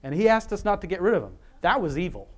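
A man's voice: sits high, big pitch swings, fast talker. A man preaching an informal sermon in a rambling, conversational way, often chuckling as he talks.

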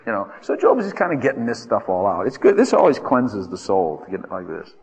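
A man preaching a sermon, acting out desperate pleas in a lively way. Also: fast talker, breathy edge, lo-fi sound. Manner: animated, acts out pleas with rising pitch. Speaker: pastor. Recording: reverberant hall.

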